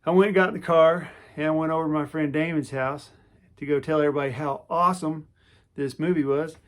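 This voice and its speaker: A man's voice: fairly high pitch, fairly even intonation, a little fast. A man in his forties telling a personal story to camera, casual and rambling, with lots of restarts and fillers.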